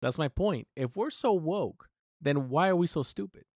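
An American man hosts a podcast, his voice on the high side at a moderate pace, recorded dry with clean studio sound. He rants animatedly in casual talk, swearing a lot and restarting often.

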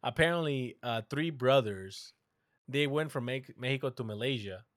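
A man's voice: mid-range voice, normal speed, fairly bright tone, dry recording, studio quality. A young man in casual podcast chat, telling stories animatedly, swearing and mimicking his mother.

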